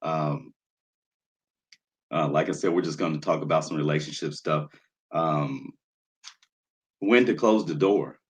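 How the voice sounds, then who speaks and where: A nervous, jittery man hosts a casual livestream in an extremely low voice, speaking a little slowly with long pauses. His talk is loose and full of fillers, and he greets viewers in the chat by name.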